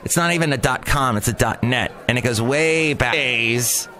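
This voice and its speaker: Male solo podcast host, bright tone, mid pitch, loose jokey monologue that wanders. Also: normal speed. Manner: rambling, jokey, jumps between tangents. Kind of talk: casual comedic monologue.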